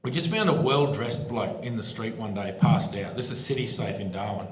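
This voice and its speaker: A man's voice: lowish voice, a little fast, hardly any pauses, a little hiss or hum. A man, a former police supervisor, telling laughing anecdotes as co-host of a live podcast show. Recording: echoey live pub room.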